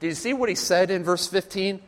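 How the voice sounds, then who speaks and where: A man's voice: sits high, brisk, in a large hall. A man preaching a sermon at a church camp, emphatic and repetitive, often putting questions to his listeners. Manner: emphatic, repetitive, quizzes the audience.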